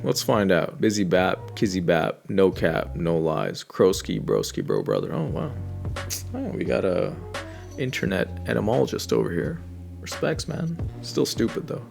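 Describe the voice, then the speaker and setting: Man, low gravelly voice, casual reaction commentary, blunt ranting, faint music behind. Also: big pitch swings, normal speed, long pauses, darkish tone. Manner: blunt, ranting, swears freely.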